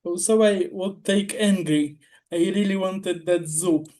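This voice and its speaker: A man playing in a casual tabletop game, giving slow, drawn-out replies. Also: high voice, steady tone, dark tone. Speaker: player.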